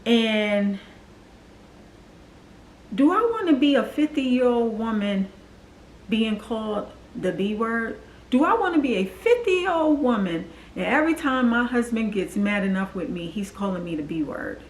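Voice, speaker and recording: Talking a little slowly with lively intonation, a fairly high-voiced vlogger in her forties earnestly confides her personal story to camera and acts out the voices she quotes. The recording is reverberant and low in quality.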